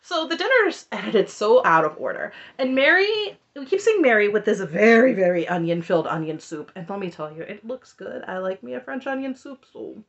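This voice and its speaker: Woman, TV recap vlogger, sarcastic, exasperated, lively pitch, muffled lo-fi sound. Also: moderate pace, hardly any pauses. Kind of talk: casual TV recap commentary.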